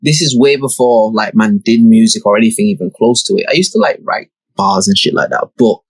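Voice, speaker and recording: A man's voice: lowish voice, fairly quick, slightly rough, no room sound, poor audio. A young man, hosting a podcast and telling a story in a laid-back, slangy way with plenty of swearing. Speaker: podcast host. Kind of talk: casual storytelling.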